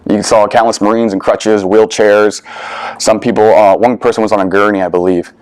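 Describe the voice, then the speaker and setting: Earnest young male veteran, lowish voice. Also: fairly even intonation, moderate pace, a little mellow, smooth, dry recording. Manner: earnest, candid, casual swearing, emotional swings. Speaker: veteran speaker. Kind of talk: personal storytelling talk.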